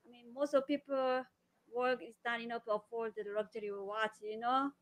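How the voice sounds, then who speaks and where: A woman with a Korean accent talking casually in broken English, animated and acting out quotes. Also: on the high side, moderate pace. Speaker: guest. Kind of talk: casual chat.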